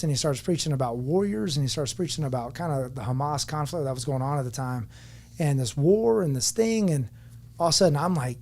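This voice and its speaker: A man's voice: a little high, a little mellow. A man in his forties, a podcast guest, telling his story candidly in an earnest, reflective way. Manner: earnest and reflective, speaking openly about personal struggles.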